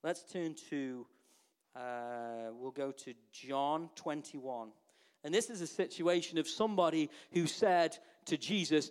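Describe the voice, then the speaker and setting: A pastor with a high voice delivers a lively sermon. He keeps turning to the congregation with rhetorical questions, drawing them in as he preaches. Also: takes it slowly, smooth.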